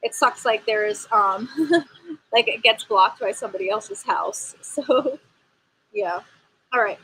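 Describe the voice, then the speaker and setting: A young woman chats on a live stream from beside a pool, her voice bright and sitting a bit high. She talks casually and leans on "like" a lot. A faint outdoor hum sits behind her. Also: animated, slow, pauses often, low-quality recording. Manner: chatty, with many "like" fillers. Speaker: actor and live-stream host. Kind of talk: casual live-stream chat and reading aloud.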